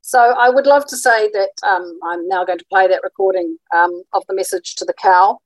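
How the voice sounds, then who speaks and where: A woman's voice: mid-range voice, normal speed, no room sound, poor audio. A woman presenting a talk on radio history in a conversational way, with frequent ums and restarts. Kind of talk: informal illustrated talk.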